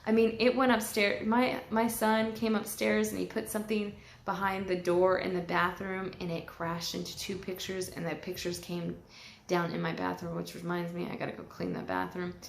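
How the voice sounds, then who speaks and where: A woman's voice: lowish voice, level tone, normal speed, vocal fry, slight background noise. A woman talking casually and candidly in a personal vlog, getting emotional and swearing freely. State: tearful at times. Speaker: vlogger. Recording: echoey room.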